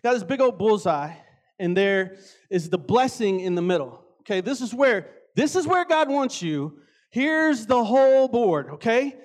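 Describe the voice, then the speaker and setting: Preaching in a chatty, lively style, this man has a high voice and a slightly slow delivery. He elongates important words and often drops asides to the listeners.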